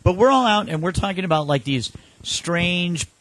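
Animated storytelling man, dry close sound. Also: high voice, normal speed, no room sound. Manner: animated anecdotes with acted-out quotes. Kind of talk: casual storytelling chat.

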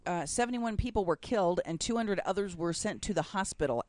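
A woman's voice: lowish voice, animated, fairly quick, darkish tone, no room sound. A woman co-hosting a casual talk show, telling odd news stories with a laugh and stressed punchlines. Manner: chatty storyteller, laughs often, stresses punchlines. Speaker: podcast co-host reading news stories. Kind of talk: casual chat.

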